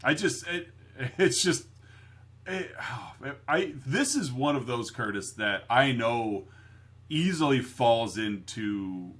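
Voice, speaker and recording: A man's voice: medium pitch, animated, slow, a bit bright. A man co-hosting a podcast in casual chat, laughing often and quoting movies. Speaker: podcast co-host.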